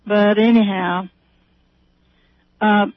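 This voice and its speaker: A woman's voice: mid-range voice, no echo. Woman caller, chatty and rambling, dry phone-line sound. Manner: rambling retelling with many fillers. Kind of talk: casual chat.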